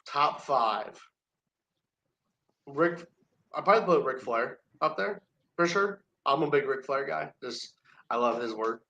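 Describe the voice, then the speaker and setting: Brief: male wrestler guest, bright forward tone, loose rambling storyteller with plenty of restarts. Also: medium pitch, animated, measured pace, creaky, long pauses, highs cut off. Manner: rambling, laughs between stories, many restarts. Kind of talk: casual storytelling chat.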